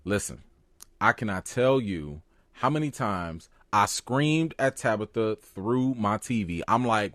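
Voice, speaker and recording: A man hosting a casual recap of a TV series, talking in an animated, excitable way with joking asides. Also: on the low side, a little slow, dry recording, clean studio sound. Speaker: show recap host.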